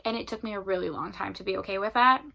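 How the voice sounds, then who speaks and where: A woman's voice: mid-range voice, quick pace, gravelly, sharp tone. A young woman book vlogger talking in a rambling, casual way, with lots of fillers, emotional and close to tears at times. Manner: rambling, filler-heavy, 'like' often. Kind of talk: casual vlog chat.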